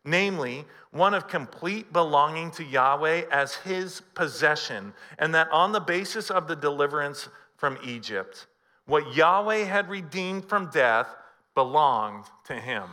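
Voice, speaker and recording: Bright-voiced preacher man. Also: fairly high pitch, lively intonation, unhurried. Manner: storytelling preacher, acts out dialogue. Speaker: pastor. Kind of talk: sermon.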